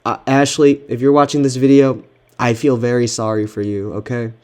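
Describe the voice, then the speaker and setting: A man's voice: medium pitch, flat delivery, normal speed, a little mellow. A man giving casual reaction commentary on text messages he is reading, exasperated and slangy, swearing often. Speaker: content creator.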